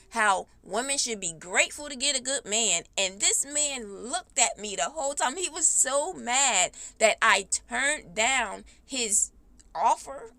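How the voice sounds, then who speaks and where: A woman's voice: on the high side, sharp tone, no echo. A woman telling her own story on a podcast in a blunt, heated, profane way, rising to indignant outbursts. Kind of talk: casual storytelling.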